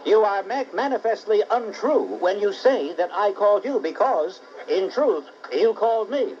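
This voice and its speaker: A man's voice: sits high, animated, normal speed, a crowd in the background. A man doing a comic radio bit, brash and mocking, needling with repeated jabs. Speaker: comedian guest. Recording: dull lo-fi talk radio recording.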